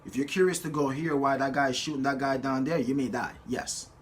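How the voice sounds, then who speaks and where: A man giving an impassioned motivational speech in a preachy way, building to loud, emphatic peaks and stretching words out for emphasis. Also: mid-range voice, steady tone. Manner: slows to drawn-out words for emphasis. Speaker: motivational speaker.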